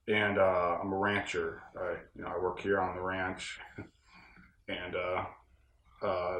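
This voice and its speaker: A young man from upstate New York rambles through a casual solo talk in a plain, folksy way. His voice sits on the low side. It carries a noticeable roomy echo from the room on the ranch where he records. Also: a bit bright, a little hiss or hum. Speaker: podcast host.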